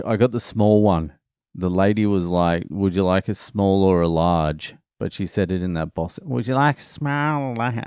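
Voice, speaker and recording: A young Australian man hosts a podcast as a casual solo monologue, rambling and swearing with a sleepy, dry sense of humour. His voice is low, a little mellow, clear and resonant, and the recording is dry.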